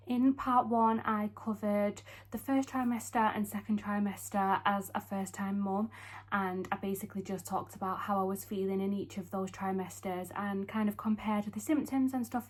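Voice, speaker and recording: A young woman chats candidly to her camera, filling her sentences with little fillers. She is pregnant and audibly short of breath, and her voice sits in an ordinary middle pitch. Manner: chatty, candid, with frequent fillers. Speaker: fitness vlogger. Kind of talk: casual vlog talk to camera.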